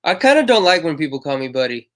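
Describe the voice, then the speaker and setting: A slightly higher-voiced man co-hosting a relaxed podcast over a video call. He stumbles and restarts his sentences and pokes fun at himself as he talks. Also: quick pace. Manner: hesitant, self-deprecating, trails off. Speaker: podcast co-host. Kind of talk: casual live podcast chat. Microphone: plug-in mic on a video call.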